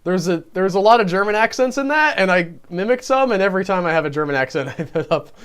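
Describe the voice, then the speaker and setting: A man with a somewhat high voice co-hosts a casual movie review podcast. He talks in a loose, self-deprecating way and laughs often between his points. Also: lively intonation, quick pace, a bit bright, clean tone. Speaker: podcast co-host.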